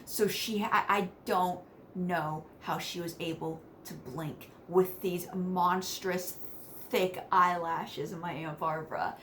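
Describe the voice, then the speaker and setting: A woman's voice: fairly low pitch, takes it slowly, a little hiss or hum. A woman from West Virginia telling family stories to camera in a chatty, casual way. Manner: chatty, laughs between sentences, animated asides. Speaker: vlogger.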